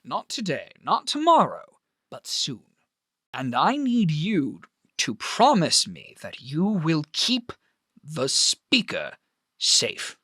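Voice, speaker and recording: Guy doing a giant earnest statesman in a fantasy game, slow formal speechifying, pitch rolling up and down, dry close sound. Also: wildly swooping pitch, pushed and bright, husky, no echo, exaggerated voice. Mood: grave. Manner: formal, measured oratory. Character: huge powerful male statesman, earnest, grandiose.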